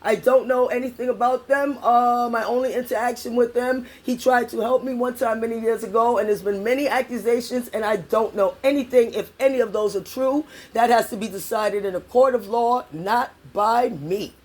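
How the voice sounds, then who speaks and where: A middle-aged woman from New York, a political vlogger, speaks at normal speed with barely a pause, her voice a little high and a little mellow. Angry and profane, she rants about politics, repeats herself emphatically, and calls her viewers y'all.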